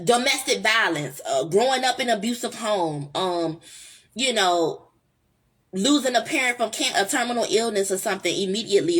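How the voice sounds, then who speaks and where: A woman's voice: a little high, bright, forceful tone, slightly rough. A woman hosting her own vlog, talking in an earnest, rambling way with lots of fillers and restarts. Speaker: vlog host. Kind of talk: casual heartfelt monologue.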